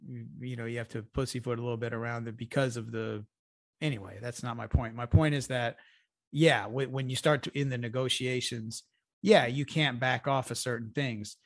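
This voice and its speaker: A man's voice: mid-range voice, fairly even intonation, normal speed, no room sound. Profane rambling podcast man. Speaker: podcast co-host. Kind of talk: casual chat.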